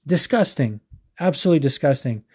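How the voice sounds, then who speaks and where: A man's voice: a little high, expressive, fairly quick, breathy edge. A man hosting a podcast, talking in a heated, profane way with many stumbles and restarts. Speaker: podcast host. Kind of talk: casual ranting podcast talk.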